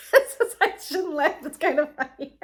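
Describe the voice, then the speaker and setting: This is a middle-aged woman giving a relaxed motivational talk as a wellness coach. Her voice sits a little on the high side, and her delivery stays chatty and conversational. She laughs easily and keeps checking in with her listener. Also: measured pace. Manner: chatty and warm-hearted, often checks in with "right?" and laughs easily. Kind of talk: casual motivational talk to camera.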